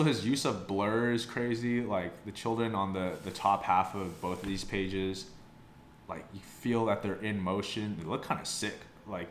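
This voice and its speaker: A young man casually reviewing a photobook, rambling and swearing, with lots of "like". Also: deep voice. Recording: roomy sound with faint background noise.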